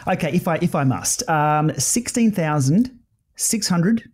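A man co-hosting a podcast, joking deadpan in casual chat. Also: a little high, measured pace, husky. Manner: deadpan, self-mocking humour. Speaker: podcast co-host.

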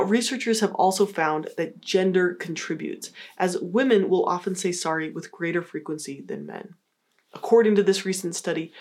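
A woman's voice: fairly low pitch, darkish tone. A woman giving an explanatory talk on communication skills, coaching the listener and acting out example phrases.

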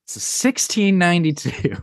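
A man's voice: sits high, sing-song, a little slow, no room sound. A man hosting a casual podcast, quizzing his guests with playful hypotheticals. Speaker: podcast host.

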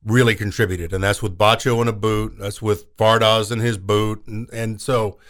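A man co-hosting a sports talk radio show, recapping a game in a relaxed way. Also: lowish voice, moderate pace.

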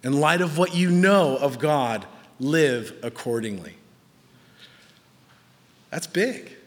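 A man in his thirties preaching a sermon in a lively, joking way, his voice jumping up high whenever he quotes someone. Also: slow pace, in a large hall. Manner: animated and joking, pitch jumping up when quoting. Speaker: pastor.

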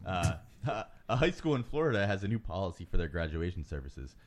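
A man's voice: low voice, sing-song, a little fast. A man hosting an internet radio show, chatting casually and laughing often. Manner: laughs often, reads news items loosely. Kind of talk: casual comedic radio banter.

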